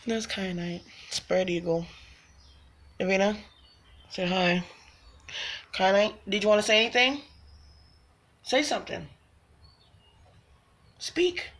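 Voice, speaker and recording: A woman with a mid-range, slightly bright voice speaks slowly with long pauses while filming her cats indoors at home. She coaxes them in baby talk and laughs often, a casual home video.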